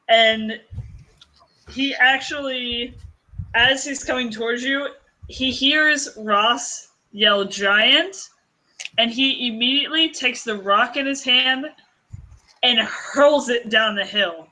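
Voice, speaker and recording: A man's voice: very high voice, slow, bright, forceful tone, poor audio. A man narrating as game master of a tabletop game, loose and rambling, full of "kinda" and "like".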